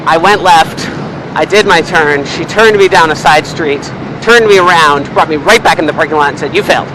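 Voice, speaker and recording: A young man, chatting casually and swearing freely while driving, rambling and excitable. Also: a little high, moderate pace. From Canada. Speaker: vlogger. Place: inside a car, driving in city traffic. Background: faint car and road noise.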